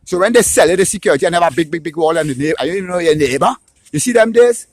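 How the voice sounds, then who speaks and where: A man's voice: high-pitched, very fast, dry recording. A man with a Trinidadian accent in a casual, opinionated monologue, ranting with swearing and often tagging his points with "right?". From Trinidad and Tobago. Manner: animated, ranting, swears, tags lines with "right?".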